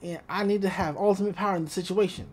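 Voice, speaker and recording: A woman co-hosting a podcast, casually recapping a cartoon episode, laughing often and slipping into quick voices for the quotes. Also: medium pitch. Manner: giggly, animated retelling with quick voices for quotes. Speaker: podcast co-host.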